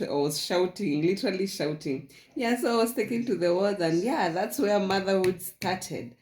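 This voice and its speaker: A woman's voice: medium pitch, animated, normal speed, darkish tone. A young woman, telling her own story in a casual vlog, rambling and repeating herself with frequent laughs. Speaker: vlogger. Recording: echoey room.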